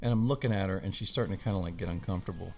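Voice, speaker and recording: Animated guy telling a childhood story, slightly low voice, laughing a lot. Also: very fast, gravelly, soft background music. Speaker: podcast guest. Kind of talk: casual storytelling.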